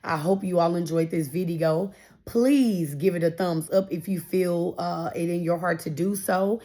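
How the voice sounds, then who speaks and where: Slightly slow and mellow, with a lowish pitch, a tarot reader talks straight to her audience in a laid-back reading. She's supportive, echoes phrases for emphasis, and is becoming emotional.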